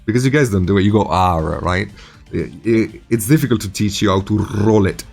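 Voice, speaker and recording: A man in his forties hosting a casual live stream, animated and teasing, laughing often. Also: fairly low pitch, quick pace, soft background music. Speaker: streaming host.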